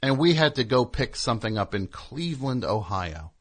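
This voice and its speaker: A man from New Jersey hosting a comic call-in radio show, telling rambling stories with deadpan sarcasm. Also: mid-range voice, moderate pace, husky.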